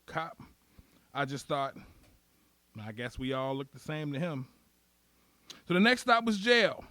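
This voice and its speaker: Young man, wry deadpan storytelling, profane, high bright voice, dry sound. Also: clean tone, no echo. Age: young adult. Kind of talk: first-person comic storytelling.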